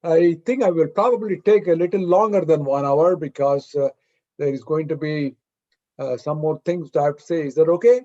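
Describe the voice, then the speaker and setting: A man's voice: on the high side, normal speed, dark tone. A man giving a devotional lecture in earnest, patiently explaining terms and posing rhetorical questions, heard over a video call. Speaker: spiritual discourse speaker. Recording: muffled, slightly lo-fi sound.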